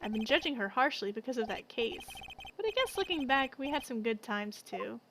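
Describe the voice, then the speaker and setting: A woman's voice: a little high, big pitch swings, fairly quick, slight background noise, low-quality recording. A woman streamer reading a game's dialogue aloud in a casual, musing way. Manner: casual, soft, muses aloud. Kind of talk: reading game dialogue aloud, let's play. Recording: game music playing behind.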